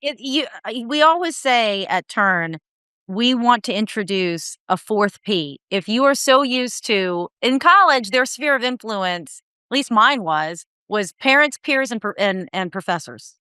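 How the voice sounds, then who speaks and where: A woman's voice: a little high, lively intonation, a little slow, pushed and bright, clean tone, no echo. A woman hosting an interview podcast, chatty and playful as she talks with her guest. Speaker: podcast host. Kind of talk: conversational interview.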